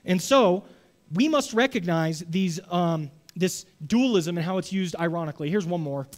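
A man's voice: high voice, normal speed. A man giving a sermon in a conversational way, often checking in with his listeners and acting out short voices. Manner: conversational, acts out voices, frequent "right?". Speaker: preacher.

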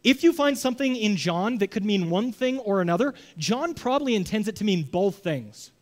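Casting: male preacher, high tenor, chatty sermon delivery, acts out quick voices. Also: expressive. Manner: conversational, acts out voices, frequent "right?".

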